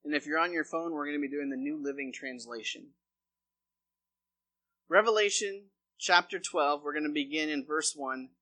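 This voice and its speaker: A man's voice: a little high, normal speed, bright, forceful tone. A man preaching a sermon as pastor, reading a long scripture passage aloud before explaining it.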